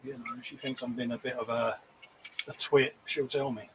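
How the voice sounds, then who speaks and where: A man's voice: mid-range voice, level tone, moderate pace, slight background noise, rough recording. A man chatting casually and jokily while co-hosting a hobby livestream, often mocking himself. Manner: chatty, jokey, self-mocking, breaks into quoted voices. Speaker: co-host of a model-building livestream. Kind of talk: casual chat.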